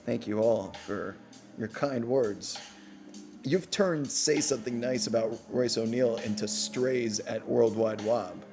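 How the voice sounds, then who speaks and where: A man's voice: medium pitch, measured pace, warm tone, soft background music. A man hosting a casual live postgame show, bantering playfully with his audience and teasing himself. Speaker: podcast host.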